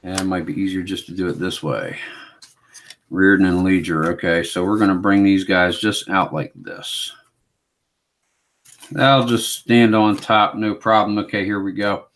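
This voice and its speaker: Unhurried man calling tabletop hockey. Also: low-pitched. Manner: relaxed, self-mocking, calls the action like a sportscaster. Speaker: board game player and host. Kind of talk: solo play-by-play of a tabletop hockey game.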